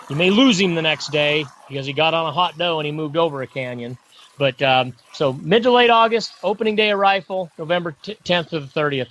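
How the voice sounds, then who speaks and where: A man's voice: on the high side, fairly bright tone, slight background noise. A middle-aged man talking casually on a podcast as a guest, rambling and repeating himself. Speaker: mule deer hunting guest.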